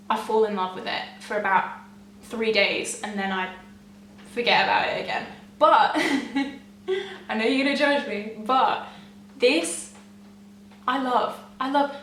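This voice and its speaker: A young woman gushing excitedly to camera as a beauty vlogger, chatty and often laughing. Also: fairly high pitch, a little hiss or hum. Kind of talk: casual chat to camera. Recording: echoey room, mic at a distance.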